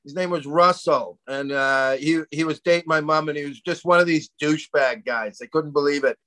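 In casual podcast chat, a middle-aged Canadian co-host rambles along, laughing, cursing, and dropping "man" constantly. His voice is on the high side and a bit bright, moving at a moderate pace.

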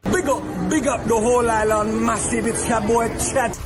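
Brief: man doing a high, brash put-on Jamaican patois voice, boastful, music under it. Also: fairly even intonation, moderate pace, a crowd in the background. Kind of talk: clip from a TV interview.

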